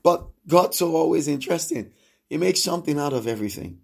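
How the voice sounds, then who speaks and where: A man's voice: fairly high pitch, lively intonation, brisk, creaky. A man preaching a sermon, emphatic and repetitive, asking his listeners questions and acting out quoted speech. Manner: emphatic, repeats phrases, asks the congregation questions; acts out quoted speech with sudden swings in loudness.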